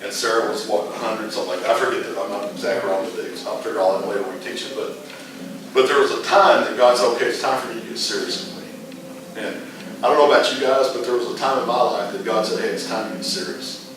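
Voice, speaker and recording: A man's voice: lowish voice, quick pace. A middle-aged man teaching a casual Bible class, rambling through stories with frequent restarts. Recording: echoey room, mic far off, noisy.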